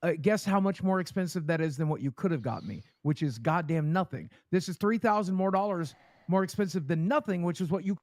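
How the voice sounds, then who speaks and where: A man's voice: sits high, brisk, darkish tone, no echo. A man co-hosting a live stream, talking in an emphatic, indignant way with swearing. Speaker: show co-host.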